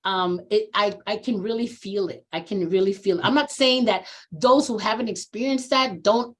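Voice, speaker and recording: A woman in her sixties, a social worker being interviewed, who tells stories animatedly and earnestly, sometimes acting out what people said. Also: normal speed. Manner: animated storyteller who acts out quoted voices with big pitch jumps; earnest and reflective on personal topics. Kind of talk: conversational interview, storytelling.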